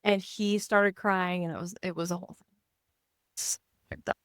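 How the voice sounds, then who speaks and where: A woman's voice: lowish voice, moderate pace, smooth, dry recording, clean studio sound. A woman in her thirties, a podcast co-host, telling a personal story in a casual chat and acting out the dialogue as she goes. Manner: animated, acts out dialogue in her retelling.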